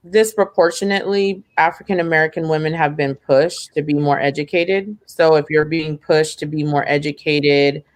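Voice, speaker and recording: A woman's voice: low-pitched, no room sound. Woman, podcast guest, thoughtful, hesitant, dry close sound. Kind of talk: casual discussion.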